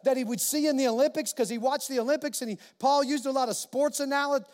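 High-voiced male pastor preaching in a hall. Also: quick pace. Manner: animated, emphatic, repeats key phrases. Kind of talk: sermon. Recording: long reverb of a large hall.

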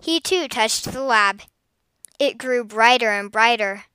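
Expressive female storyteller, clear dry read, slightly high. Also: takes it slowly, rough recording. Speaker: narrator. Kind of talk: children's story reading.

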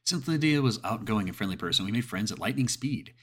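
A man narrating a scripted horror story in a steady storytelling manner, with some casual swearing. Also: fairly low pitch, quick pace, slightly rough.

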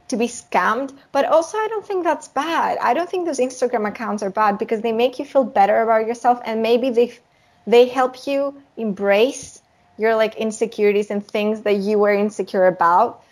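A young woman co-hosting a podcast, talking through ideas in a relaxed, explanatory way with lots of "you know". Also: a little high, moderate pace. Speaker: podcast co-host. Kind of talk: casual chat.

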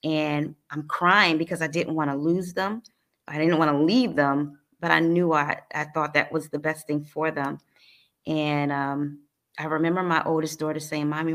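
As an interview guest, a woman from New Jersey tells her life story in a low, fairly level, slightly bright voice. She speaks earnestly and emotionally, haltingly, often restarting her sentences.

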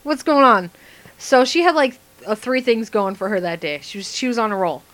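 A young woman chatting casually, telling a funny story in an animated way and laughing often. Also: mid-range voice, a little fast. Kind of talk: casual chat.

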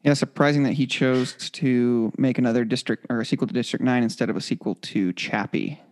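A man co-hosting a podcast, chatting in a relaxed, halting way. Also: medium pitch. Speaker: podcast co-host. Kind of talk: casual chat.

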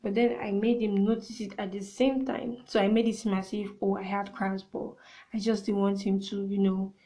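Mellow-voiced young woman telling a story. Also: medium pitch, normal speed, rough recording. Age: young adult. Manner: chatty and expressive, drops to hushed asides. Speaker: podcast host. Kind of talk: casual storytime monologue.

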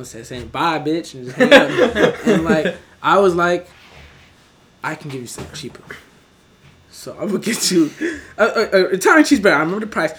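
A man's voice: on the high side, fairly bright tone. A young man telling a story among friends, laughing often and swearing freely. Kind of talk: casual chat, storytelling.

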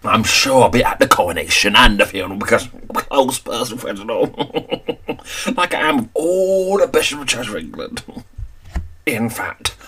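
A man's voice: mid-range voice, lively intonation, brisk, sharp tone, breathy edge. A man voicing a boastful, pompous woman in a comedy audio drama, who drops names and chuckles smugly at her own claims. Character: boastful name-dropping woman who claims royal friendship.

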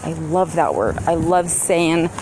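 A woman talking to camera at home in a meandering way, with drawn-out words and many fillers. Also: low-pitched, lively intonation, noisy background. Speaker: vlogger. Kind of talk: rambling casual monologue. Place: at home, walking into her garage with dogs barking nearby.

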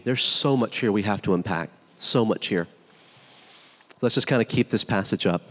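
A man's voice: medium pitch, big-room sound. A man preaching a sermon as pastor, in an informal, conversational way that is full of asides.

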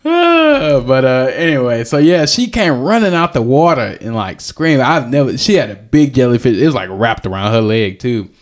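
Young male podcast host, animated storyteller with a lively, swinging pitch. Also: moderate pace, hardly any pauses. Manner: animated, jokey, rambling storyteller. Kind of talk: casual storytelling chat.

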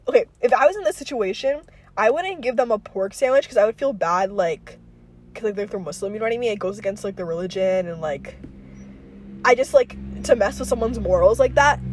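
A woman's voice: a little high, a little hiss or hum. A young woman hosting a podcast, telling a story in a rambling, profane way, full of fillers. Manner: rambling, profane, filler-heavy with frequent likes. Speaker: podcast host. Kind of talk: casual storytelling chat.

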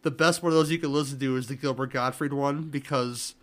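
A man's voice: medium pitch, steady tone, brisk, fairly bright tone. Rambling man chatting on a podcast. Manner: rambling, stumbles and restarts often. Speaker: podcast guest. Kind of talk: casual podcast chat.

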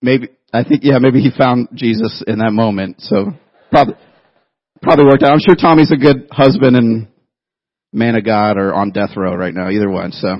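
A man in his thirties, a pastor, preaching a sermon and telling a childhood story in an animated way, laughing at himself. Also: medium pitch, moderate pace, no room sound, highs cut off.

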